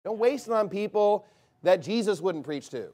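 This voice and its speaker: A high-pitched man preaching in church with heat and contempt. His delivery swings between sharp, loud outbursts and low, muttered asides. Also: animated, moderate pace. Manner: fiery, scornful preaching with sudden loud bursts. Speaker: pastor. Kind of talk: sermon.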